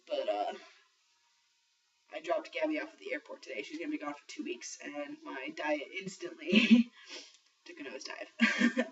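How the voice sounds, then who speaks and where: A young trans man talking casually in a video diary, rambling with lots of ums and the odd swear word. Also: on the high side. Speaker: vlogger sharing a transition diary. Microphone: built-in camera mic. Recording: muffled lo-fi camera audio from a distance.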